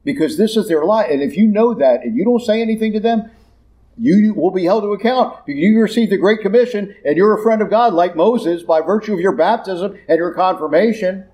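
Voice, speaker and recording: A male preacher delivers his sermon bluntly, in plain conversational speech with slangy asides. His voice is a little high for a man but mellow and warm. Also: lively intonation, fairly quick, low-quality recording.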